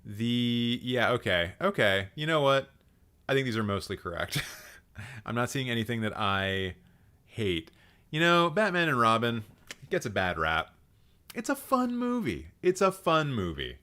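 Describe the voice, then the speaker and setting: A man's voice: medium pitch, very animated, unhurried, sharp tone, smooth. A man hosting a live stream, giving blunt, sarcastic commentary and swearing freely. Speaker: host.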